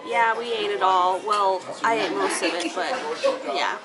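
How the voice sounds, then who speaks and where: A woman's voice: mid-range voice, a little slow, over loud music, over a noisy crowd, poor audio. A young woman chatting casually in a holiday vlog at home, laid-back and laughing often, recording on a handheld camera. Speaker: vlogger. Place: house during a holiday visit. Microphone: handheld phone or camera.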